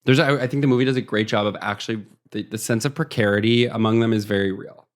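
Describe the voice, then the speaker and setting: A man's voice: lowish voice, fairly even intonation. A man co-hosting a podcast, casually retelling a movie plot in a rambling way and briefly acting out the characters' lines. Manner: rambling, acts out characters in quick snatches. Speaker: podcast co-host.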